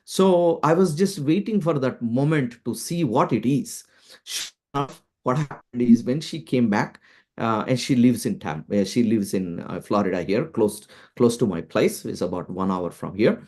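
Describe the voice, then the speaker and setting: A man giving a spiritual talk as a teacher, telling a story with many fillers and repeating key lines slowly for emphasis. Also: medium pitch, a little mellow. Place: Florida, near the listener's town.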